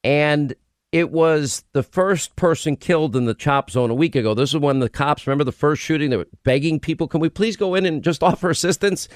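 Man, radio talk host, emphatic, impassioned, slightly high-pitched, dry close studio mic. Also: brisk, no room sound. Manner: emphatic and impassioned, with frequent restarts. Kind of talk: opinionated talk radio monologue. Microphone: studio microphone.

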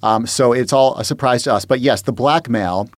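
A man's voice: medium pitch, moderate pace, soft background music. A man co-hosting a podcast in casual chat, wry and rambling, with frequent restarts. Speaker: podcast co-host.

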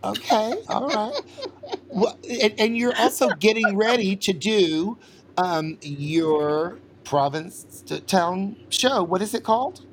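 A man's voice: high-pitched, slow, slight background noise. An older man with a Southern US accent hosting a podcast interview in a campy, playful, teasing way. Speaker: podcast host. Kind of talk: casual interview chat.

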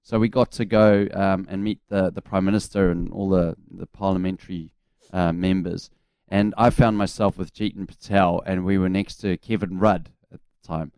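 A middle-aged man with a New Zealand accent, co-hosting a sports radio show and telling relaxed, self-deprecating stories. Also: low voice, normal speed, smooth, no room sound, clean studio sound. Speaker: radio co-host, former cricketer. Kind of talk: casual sports radio chat.

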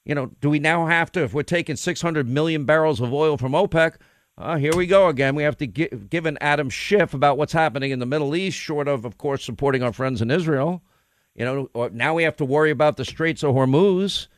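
A man's voice: fairly high pitch, dry recording. A man hosting a political opinion talk show, emphatic and combative, firing off points one after another. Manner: emphatic, combative, rapid-fire. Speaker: talk radio host.

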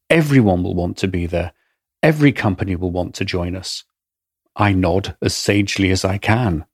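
A man with an English accent narrates his own memoir in a wry, measured storytelling manner. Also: lowish voice, dry recording, clean studio sound. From England. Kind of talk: first-person memoir narration.

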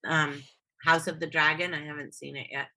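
A woman hosting a podcast, chatting excitably and rambling, swearing freely. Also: deep voice, moderate pace. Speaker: podcast host. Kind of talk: casual podcast chat.

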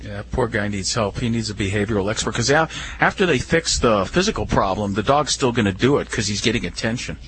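A man's voice: lowish voice, fairly quick, a little hiss or hum. A man on a radio show giving dog behavior advice, telling stories emphatically. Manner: emphatic, animated storytelling. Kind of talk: casual radio advice talk.

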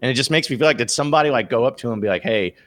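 A man's voice: medium pitch, very fast, a bit bright. A man in casual conversation, rambling and joking, often breaking into jokey put-on voices. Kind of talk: casual chat.

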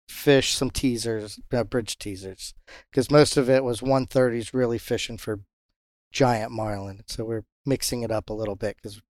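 A man who captains a charter fishing boat, telling fishing stories in a casual interview and jumping into high voices when he quotes others. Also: dry recording, studio quality. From Pompano, Florida. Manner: animated storyteller, jumps high when quoting others.

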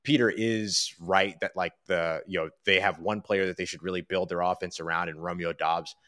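A man co-hosting a sports podcast, talking casually and joking in quick, animated bursts. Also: sits low.

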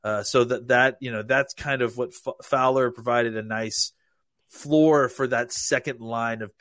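A man's voice: mid-range voice, steady tone, a little slow, fairly bright tone, no echo, studio quality. A man analyzing football in casual podcast talk, rambling with frequent restarts.

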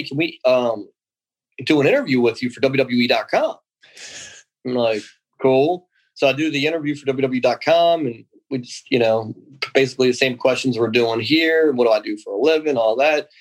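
Rambling, animated man telling stories. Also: medium pitch, rough recording. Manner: rambling, animated, acts out quoted voices. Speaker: guest, former pro wrestler. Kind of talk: casual interview storytelling.

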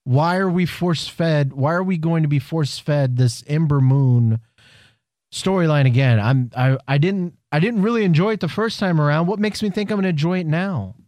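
A man's voice: fairly high pitch, moderate pace, darkish tone, no room sound, clean studio sound. A man co-hosting a casual podcast, arguing his points and pressing his partner with pointed questions. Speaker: podcast co-host. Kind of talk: casual wrestling chat.

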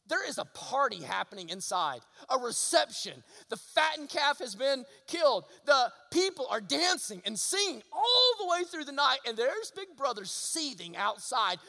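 A man preaching a sermon, emphatic and full of rhetorical questions, swinging from loud to hushed. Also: extremely high pitch. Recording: long reverb of a large hall.

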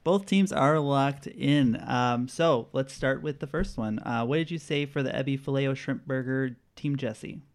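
A man hosting a casual quiz podcast, relaxed, chuckling often and filling pauses with uhs. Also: mid-range voice. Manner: laid-back, chuckling, with filler uhs. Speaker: quiz host.

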